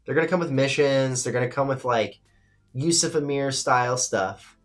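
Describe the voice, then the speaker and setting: A man hosting a live-streamed show, chatting casually, reading viewer comments and giving loose, opinionated takes with free swearing. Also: mid-range voice. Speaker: livestream radio show host.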